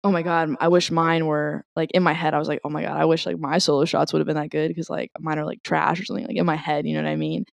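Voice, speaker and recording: A woman's voice: sits low, level tone, fast talker, vocal fry, few pauses, no room sound. A woman co-hosting a podcast, talking emotionally in a rambling, casual chat. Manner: emotional, rambling, swears and laughs. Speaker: podcast co-host.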